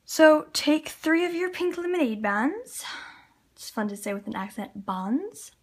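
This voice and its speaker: A Canadian woman hosts a loom tutorial, chatting casually and laughing a little as her hands work through each step for viewers. Her voice is high-pitched with lively intonation, and she doesn't rush. The camera sits on a tripod at the table.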